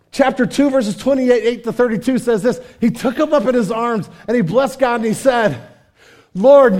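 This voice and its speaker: A man preaching a casual, energetic sermon, full of slang and asides, sometimes dropping to a hushed tone. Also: very high-pitched. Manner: drops to hushed intimate tone. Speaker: pastor.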